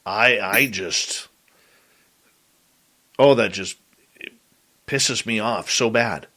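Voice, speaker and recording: A man's voice: on the low side, extremely slow, pushed and bright. A man hosting a radio interview show, who reacts to his guest bluntly and with emphasis.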